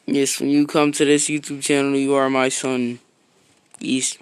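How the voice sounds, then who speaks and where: A man's voice: medium pitch, monotone, measured pace, a little hiss or hum, low-quality recording. A man streaming a block-building game, chatting casually in a rambling, slangy way that often trails off into a mutter. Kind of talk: casual live-stream chat. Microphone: own streaming mic.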